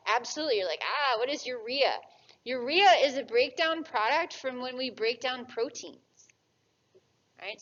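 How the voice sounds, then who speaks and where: A woman lectures a room of students in an anatomy class, throwing questions to the class and answering them herself with lively, engaged delivery. Her pitch sits in the middle range. The recording is dull and lo-fi, as if taken from a classroom capture.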